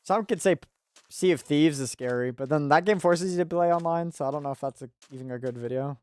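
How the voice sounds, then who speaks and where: A man's voice: a little high, quick pace, darkish tone, smooth. Young man joking through a video game. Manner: laid-back, joking, laughs often, trips over words. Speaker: gaming channel host. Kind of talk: casual let's-play commentary.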